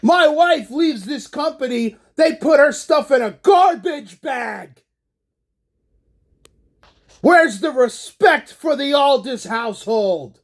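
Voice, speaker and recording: A man voicing a bitter male wrestling boss who rants and raises his voice to shouts. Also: high-pitched, lively intonation, slow pace, heavily acted. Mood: bitter ranting. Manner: ranting, raising voice to shouts.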